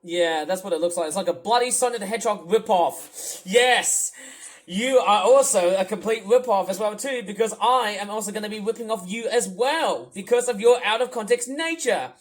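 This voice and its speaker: A man's voice: high voice, normal speed. A man giving rambling reaction commentary, exasperated and full of swearing. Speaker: video commentator.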